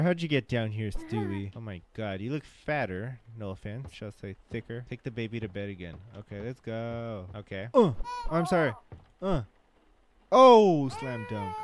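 A man giving excitable, jokey commentary while playing a game, swearing and talking to an on-screen baby. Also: on the low side, background noise. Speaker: gaming channel host. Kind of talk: casual let's-play commentary.

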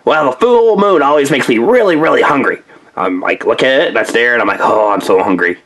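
Guy doing a low husky bulldog pup, slow drawl, rambles, always hungry. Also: expressive, fairly bright tone, rough recording. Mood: dreamy, stubborn. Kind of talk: toy play-along story voice.

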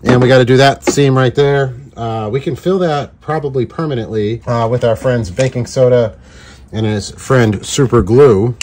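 A man's voice: mid-range voice, normal speed, darkish tone, slight background noise. A man hosting a casual do-it-yourself lure-making video, joking around with playful wordplay. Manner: jokey, goofy wordplay. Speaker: host making fishing lures. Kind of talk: casual DIY tutorial.

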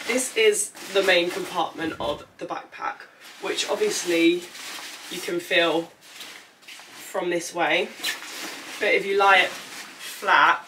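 A woman's voice: on the low side, recorded from a distance, noisy background. A young woman chatting casually through a packing vlog, rambling with lots of fillers. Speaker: vlogger.

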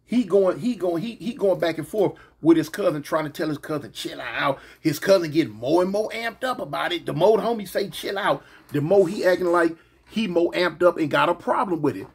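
A man casually telling a personal story to his viewers, animated and full of slang, often asking "you know what I'm saying". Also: on the high side, fairly quick, breathy edge.

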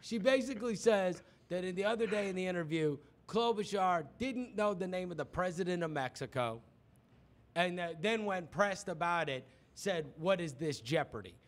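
A man's voice: sits high, normal speed. A man hosting a sports radio show, telling a story in casual studio chat and mimicking people as he goes. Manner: animated storyteller, mimics others loudly.

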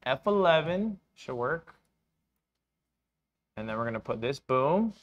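A man's voice: medium pitch, very animated, unhurried, highs cut off. A man hosting a stream, chatting casually with a playful, teasing manner. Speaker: streamer host. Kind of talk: casual gaming chat.

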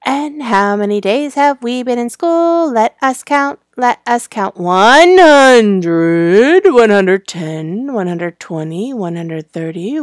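A middle-aged woman teacher giving a slow, sing-song lesson to young children, spelling words out letter by letter. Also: mid-range voice, no room sound, clean studio sound.

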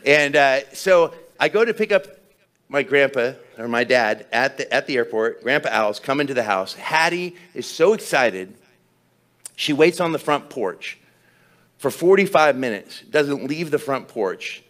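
A pastor preaching a sermon with humorous, self-deprecating storytelling. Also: male voice, mid-range voice, lively intonation, unhurried, fairly bright tone.

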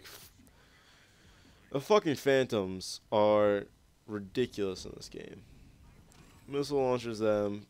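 Low-voiced and recorded cleanly, a young man narrates his gameplay as a YouTuber, rambling, laid-back, and swearing constantly.

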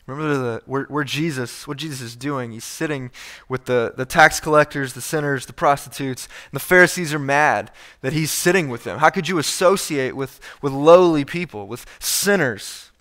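A man's voice: medium pitch, moderate pace, fairly bright tone. A male pastor preaching a conversational sermon, reading scripture and acting out the quoted speakers, with frequent restarts.

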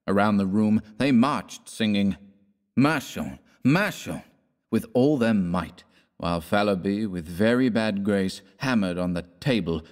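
Low-voiced man narrating a classic tale. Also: darkish tone, big-room sound. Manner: measured, dramatic storytelling. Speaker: audiobook narrator. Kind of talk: scripted narration of a classic horror story.

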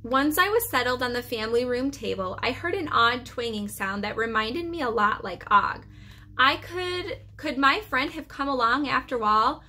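A woman preschool teacher reading a children's chapter book aloud for her class. Her voice is bright and a little high, telling the story expressively. She trips over a word now and then and corrects herself. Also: normal speed. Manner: expressive storytelling with occasional stumbles.

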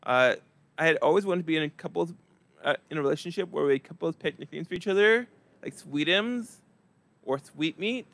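A man performing a stand-up comedy set with a flat, deadpan, monotone delivery. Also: a little high, a little fast, vocal fry, dry recording.

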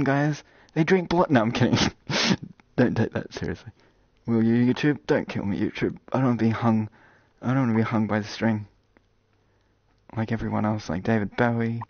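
A man streaming games and chatting casually with viewers, rambling and joking with sudden loud outbursts. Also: medium pitch, no room sound, muffled recording. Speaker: gaming streamer. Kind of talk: casual live-stream chat.

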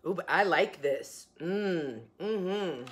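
A woman's voice: lowish voice, slow pace, background noise. A young woman chatting casually in her home kitchen as she reviews food, rambling with giggly asides. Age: young adult. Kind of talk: casual chat.

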